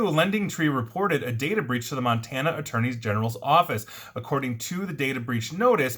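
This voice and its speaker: Bright-voiced man reading weekly breach news. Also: medium pitch. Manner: brisk, conversational, with asides. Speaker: cybersecurity news host. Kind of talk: casual news roundup.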